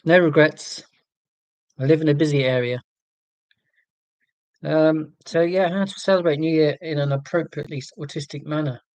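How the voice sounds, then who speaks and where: A man's voice: fairly high pitch, moderate pace, pauses often, no room sound, muffled recording. A Scottish man hosting a casual live stream from home, chatting in a rambling, self-deprecating way and reading out viewer comments. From Scotland.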